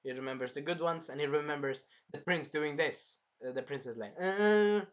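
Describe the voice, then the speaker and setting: A man co-hosting a casual review chat, excitable and breaking into shouted impressions of scenes. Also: medium pitch, a little fast. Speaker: anime review co-host.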